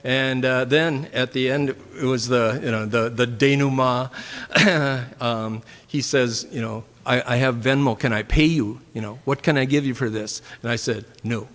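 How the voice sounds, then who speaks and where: A man with a Minnesota accent telling a personal testimony story in a casual, rambling way, with fillers and frequent throat clearing. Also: medium pitch, fairly even intonation, unhurried, fairly bright tone. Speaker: church member giving a testimony. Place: church sanctuary. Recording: long hall reverb.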